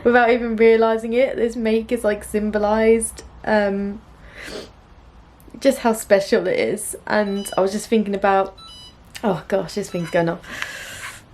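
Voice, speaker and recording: A woman's voice: medium pitch, steady tone, unhurried. Chatty young woman vlogging. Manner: chatty and gentle, with frequent fillers and soft laughs. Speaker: sewing vlogger. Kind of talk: casual chat to camera. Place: small room at home.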